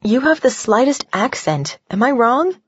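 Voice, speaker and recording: A woman's voice: on the high side, sing-song, measured pace, breathy edge, dry recording, muffled recording, pitched above the performer's own voice, heavily acted. A woman narrator voicing a blunt young socialite woman who sounds overly pleasant and pointed. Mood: sugary.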